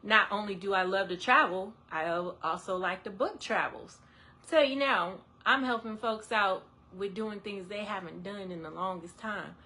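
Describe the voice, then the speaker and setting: A woman's voice: mid-range voice, normal speed. A woman who works as an independent travel agent, chatting on a live stream to her viewers with lots of laughter. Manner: animated, laughs often, talks straight to viewers. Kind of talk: casual live-stream chat. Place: indoors under a ring light.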